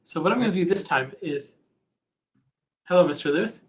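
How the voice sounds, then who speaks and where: A man's voice: high-pitched, lively intonation, fairly quick. A man hosting a live webinar in a chatty, informal, easygoing way. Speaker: conference host. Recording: dull lo-fi webinar audio.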